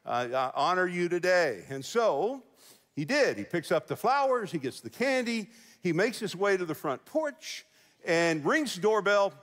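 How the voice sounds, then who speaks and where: A man with a fairly high voice preaches to a congregation, spinning a folksy, joking story and laughing between lines. His voice rings through a large church hall with a long echo. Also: big pitch swings, measured pace, fairly bright tone. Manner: folksy storytelling with jokes and chuckles. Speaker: pastor. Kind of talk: sermon. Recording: big reverberant church hall.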